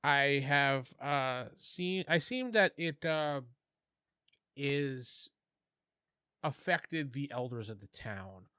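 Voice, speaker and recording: A man's voice: medium pitch, lively intonation, extremely slow, pushed and bright, clean tone, no echo, studio quality. A man narrating as game master of a tabletop game, chatty with laughing asides.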